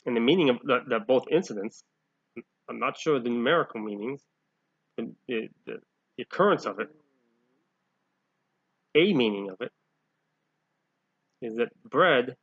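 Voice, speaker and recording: A man's voice: mid-range voice, a bit bright, breathy edge, dry recording. A man reading Bible passages aloud and explaining them as a lay preacher, often growing emphatic. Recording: dull, lo-fi home recording.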